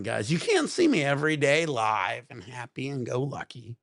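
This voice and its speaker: A man's voice: medium pitch, very animated, moderate pace, creaky, a bit bright. A man hosting a casual livestream, chatting with viewers, laughing a lot and breaking into profane rants. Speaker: livestream host.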